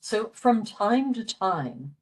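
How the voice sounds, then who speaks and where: A woman's voice: mid-range voice, very animated, takes it slowly, husky. An older woman from western Pennsylvania giving a library talk on the Irish language, repeating phrases with frequent hesitant fillers.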